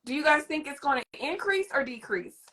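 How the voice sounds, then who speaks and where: A woman hosts a parenting conversation, her voice sitting a little high. She explains things like a teacher, lively and direct with the audience. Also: fairly quick. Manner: animated, teacherly, demonstrates a soothing voice. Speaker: host and parenting coach. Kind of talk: live interview chat.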